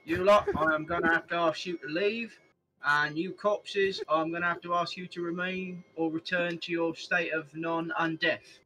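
A loud, flustered guard sergeant in his forties barks orders in a high, bright voice, as a man puts him on during a tabletop game. He sounds bossy and pleading at once. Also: fairly even intonation, moderate pace, a little hiss or hum, poor audio. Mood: flustered commanding.

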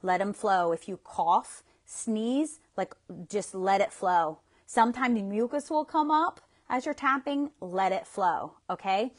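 A woman's voice: mid-range voice, animated, slow pace, hardly any pauses. Chatty woman hosting a tapping livestream. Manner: chatty, affectionate, rambling with restarts. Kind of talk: casual livestream coaching. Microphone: phone.

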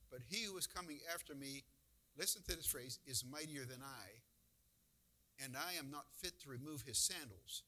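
A man's voice: medium pitch, expressive, normal speed, bright, forceful tone, low-quality recording. A man pastor giving a folksy, conversational sermon with emphatic bursts.

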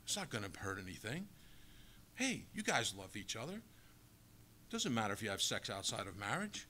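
A man voicing a sly devil who tempts people with hushed, coaxing words in a whispered role-play. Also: on the low side, sing-song, moderate pace, a little hiss or hum, pitched below the performer's own voice.

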